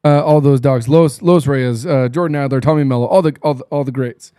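Mellow-voiced podcast host man. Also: medium pitch, brisk, clear, resonant tone, no echo. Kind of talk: casual interview chat.

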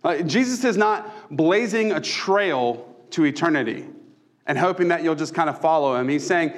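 A man's voice: fairly high pitch, expressive, moderate pace. Joking man preaching a sermon. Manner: conversational, self-deprecating humor. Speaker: pastor.

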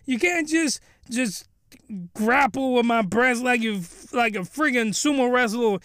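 A man's voice: very high-pitched, a little slow, fairly bright tone, dry recording, studio quality. A man voicing a bossy, pushy pink-haired anime woman who scolds and gives orders. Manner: demanding, scolding.

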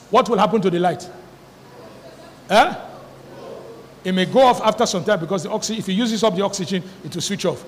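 A man's voice: sits high, fairly bright tone. A man preaching a sermon as pastor, leading the congregation in call-and-response and stretching out key words for emphasis. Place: church hall. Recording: reverberant church hall.

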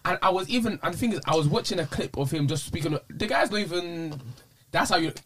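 A man's voice: fairly high pitch, expressive, quick pace, a bit bright. Chatty male podcast host. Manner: chatty, repeats words while searching for phrasing. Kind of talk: casual chat.

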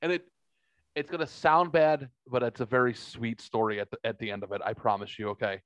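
A man's voice: medium pitch, fairly even intonation, brisk, smooth, no echo, low-quality recording. A man in his forties telling a rambling, profane story in casual chat, acting out the other people's voices. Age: 40s.

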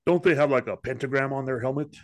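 A man's voice: medium pitch, fast, dry recording. A man playing in a comedic tabletop game, joking and swearing freely. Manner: joking, profane, laughs often. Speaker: player. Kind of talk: casual banter.

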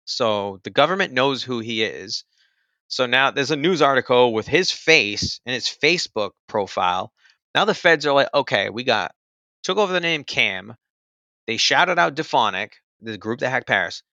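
A man's voice: mid-range voice, animated, moderate pace, pushed and bright, dry recording. A man casually recounting something that happened to him, in a loose conversational way full of fillers. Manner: loose and conversational, many fillers like "like" and "you know". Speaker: storyteller recounting own experience. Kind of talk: casual personal storytelling.

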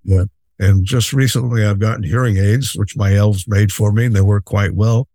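An actor playing a jolly, patient old Santa Claus, telling unhurried, fatherly anecdotes with many fillers in an interview. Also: fairly low pitch, steady tone, warm tone, dry recording, close to an everyday voice. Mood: gentle. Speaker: interview guest. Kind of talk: in-character storytelling interview.

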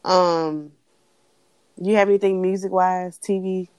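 A young woman co-hosting a casual chat, blunt and animated, swearing freely as she rants. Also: fairly low pitch, unhurried, clear, resonant tone, no room sound. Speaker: podcast co-host.

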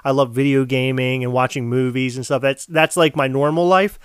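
A man's voice: medium pitch, fairly even intonation, fairly quick, clear, resonant tone, no echo, clean studio sound. A man co-hosting a podcast in casual chat, chatty and self-mocking. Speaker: podcast co-host.

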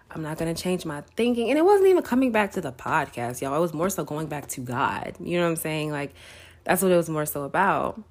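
A woman hosting a podcast, giving a casual faith talk in a conversational way with lots of fillers and frequent laughs. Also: on the low side. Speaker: podcast host.

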